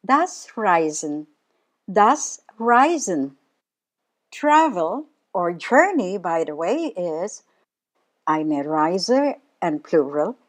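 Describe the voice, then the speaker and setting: A woman teaching a radio language lesson, spelling out each word letter by letter and repeating it. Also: mid-range voice.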